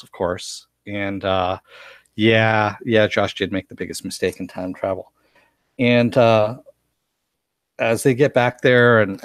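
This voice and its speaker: In a dry recording, a man with a fairly low voice gives a casual live recap of a TV episode as a show reviewer. He's chatty and laughs a lot while retelling scenes.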